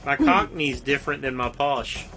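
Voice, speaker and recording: A man's voice: mid-range voice, normal speed, pushed and bright, soft background music. Easygoing man in casual chat. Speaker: game master and podcast host.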